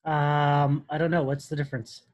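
A man's voice: a little high, flat delivery, moderate pace. A man co-hosting a wrestling podcast, trading wry jokes in casual chat. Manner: wry, joking asides. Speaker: podcast co-host.

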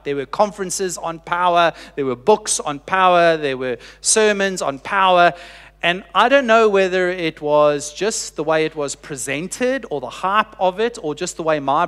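Slow high-voiced male preacher. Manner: earnest storytelling, slow emphatic pauses, drops to quiet for quoted lines. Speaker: pastor. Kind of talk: sermon. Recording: long reverb of a large hall.

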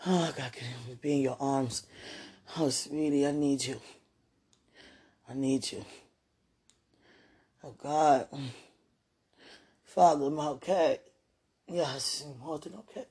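A woman murmuring an emotional spoken prayer, soft-spoken and soothing herself. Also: low voice, slow, pauses often, slightly rough. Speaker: mother.

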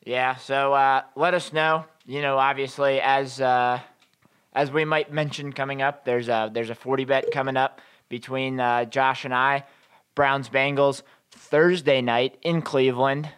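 A man with a smooth, clear voice co-hosts a casual sports podcast. He talks loosely and rambles, leaning on fillers like "you know" and "uh" as he lays out his points. His pitch sits right in the middle for a man. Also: a little slow. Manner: relaxed, rambling, filler-heavy. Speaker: podcast co-host.

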